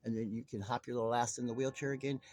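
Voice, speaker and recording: A man's voice: mid-range voice, fairly even intonation, fast talker, a little mellow, no room sound. A man delivering a heated true-crime monologue straight to his viewers, agitated, profane and rambling. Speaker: online commentator.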